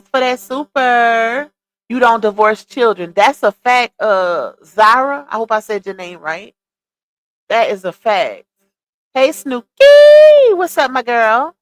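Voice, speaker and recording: A woman's voice: a little high, a bit bright. A woman hosting a casual livestream, chatting with viewers, reading comments aloud and laughing often. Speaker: livestream host.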